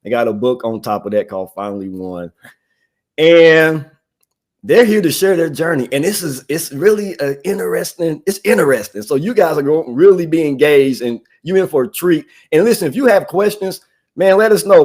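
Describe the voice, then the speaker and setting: A man's voice: on the high side, darkish tone. A man hosting a live online show, casual and upbeat, often restarting and saying "man". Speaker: livestream host.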